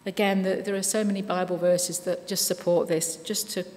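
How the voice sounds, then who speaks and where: A woman giving a sermon in a church, speaking conversationally and reading scripture slowly and with care. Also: lowish voice, level tone. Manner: warm conversational preaching with frequent "you know"; reads scripture slowly and deliberately. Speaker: preacher. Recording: long reverb of a church hall.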